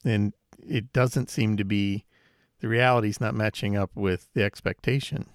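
A man co-hosting a casual podcast chat, explaining things in a measured way. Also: on the low side, fairly even intonation, no room sound, studio quality. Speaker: podcast co-host.

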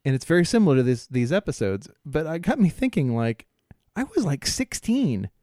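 Middle-aged male co-host, lively pitch, dry close sound, loose rambling delivery with lots of laughs. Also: normal speed, no echo. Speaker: podcast co-host. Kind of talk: casual chat.

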